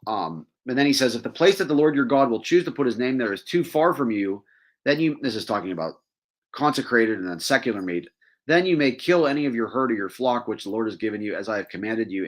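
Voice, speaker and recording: A man's voice: on the low side, a bit bright. A man hosting a talk show, reading verses aloud and explaining them in a casual, wry way, with small laughs and asides. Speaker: podcast host. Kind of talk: casual scripture teaching.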